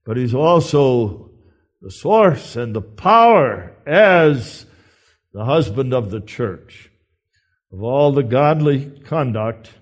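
A man preaching a sermon in an earnest, emphatic way with deliberate pauses. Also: mid-range voice.

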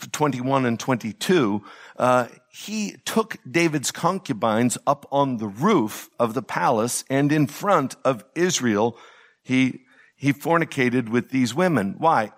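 A man giving an expository Bible lesson in an emphatic, lecturing way. He poses rhetorical questions and retells the verses in plain everyday words. His voice sits at an ordinary middle pitch for a man. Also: fairly bright tone. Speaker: Bible teacher.

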